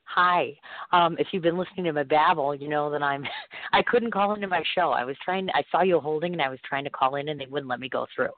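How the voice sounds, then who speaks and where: Host, male, hoarse from a cold, a bit high-pitched, chatty and excitable, heard over a tinny, dry phone line. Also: fast, dry recording. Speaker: radio show host. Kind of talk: casual talk-radio interview.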